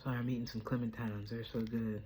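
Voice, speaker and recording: A woman's voice: a bass voice, level tone, fast, background noise. A woman hosting a casual home video chat, playful and chatty, often laughing. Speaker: vlogger host. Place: at home indoors. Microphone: camera.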